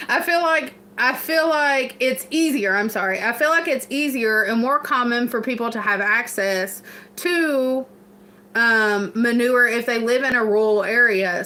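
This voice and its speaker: Kentucky woman, farm livestream host, fairly high and bright voice, easygoing and laugh-prone. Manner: laughs often, rambling with many fillers. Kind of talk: casual live chat answering viewers.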